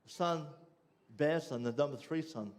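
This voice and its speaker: An Australian man preaching, telling a personal story with lively ups and downs before dropping quiet and low for the lesson. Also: normal speed. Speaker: pastor. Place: church.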